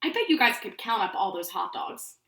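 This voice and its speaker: A woman pre-K teacher reading a picture book aloud to young children, in an animated way and often asking them questions. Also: medium pitch, fairly quick, reverberant.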